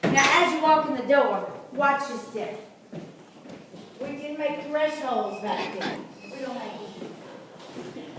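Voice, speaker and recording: A woman with a drawl leads a house tour in a chatty, folksy way. Her voice sits a little high. She is picked up from across a very echoey room, with a faint hum behind her. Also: slow pace, pauses often, far from the mic. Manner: chatty, folksy storytelling with jokes. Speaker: tour guide. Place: indoors in a large historic house.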